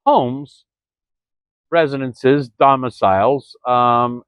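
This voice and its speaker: In a dull, dry lo-fi recording without echo, a mid-range male voice rambles through a vlog, stumbling over words and calling listeners "folks." He's from Florida and is recording early in the morning, indoors or close to the camera.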